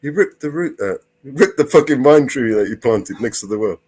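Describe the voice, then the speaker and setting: A man's voice: mid-range voice, expressive, brisk, darkish tone, breathy edge. A man hosting a live stream panel, chatting casually, laughing often and rambling through stories.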